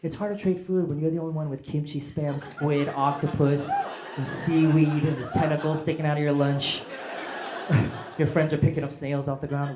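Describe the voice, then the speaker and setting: Animated stand-up comedian on a noisy stage. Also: male voice, on the high side, normal speed. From United States. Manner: animated storyteller, acts out bits and bursts into shouts. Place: comedy stage with a laughing audience. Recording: noisy live comedy club audio.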